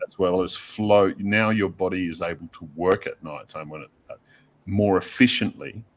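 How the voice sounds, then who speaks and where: A man talking in a relaxed, casual way as host of a chat, with many loose fillers. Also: sits low, normal speed.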